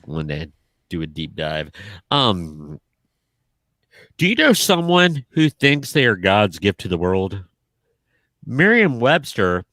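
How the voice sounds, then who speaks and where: Recorded at studio quality with no room sound, a medium-pitched man co-hosts a podcast. He keeps things casual, laughing a lot as he tells animated stories.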